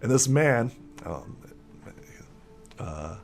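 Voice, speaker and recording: A man's voice: mid-range voice, very animated, drawn-out words. A young man narrating as game master in a tabletop game, rambling with many fillers.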